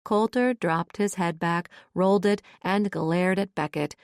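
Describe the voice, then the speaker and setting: A woman's voice: lowish voice, a little slow, few pauses, clear, resonant tone, dry recording. A woman narrating a first-person romance audiobook as a sarcastic, spirited heroine, recorded on a close studio mic.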